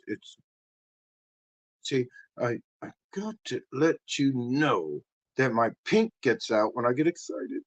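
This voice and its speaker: A man hosting a livestream, rambling through a crude comic rant, acting out little voices and bursting into shouts. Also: sits high, creaky, rough recording. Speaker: livestream host.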